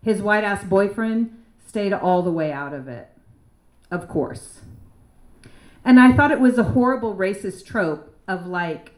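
A woman doing a dramatic reading of a personal piece at a literary event, with a sardonic delivery and sudden loud bursts. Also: medium pitch, animated, measured pace. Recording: echoey room.

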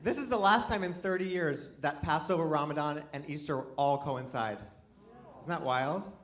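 A man's voice: a little high, normal speed, a bit bright. Rambling self-deprecating stand-up man. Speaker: stand-up comedian. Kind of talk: stand-up comedy set. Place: live comedy venue with audience.

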